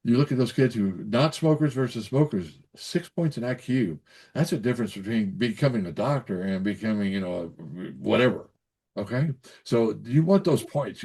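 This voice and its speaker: A man's voice: medium pitch, animated, brisk, darkish tone. An older man, a pediatrician giving folksy, emphatic advice in a casual interview, often repeating himself and checking in with "okay?". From Kentucky. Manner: folksy, repetitive, emphatic with frequent "so anyways" and "okay?". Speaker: pediatrician guest.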